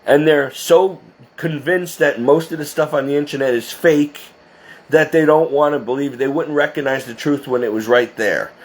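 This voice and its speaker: A man delivers an impassioned religious monologue to his viewers, emphatic and scolding. His voice sits a bit high and sounds husky throughout. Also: moderate pace. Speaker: Catholic video blogger.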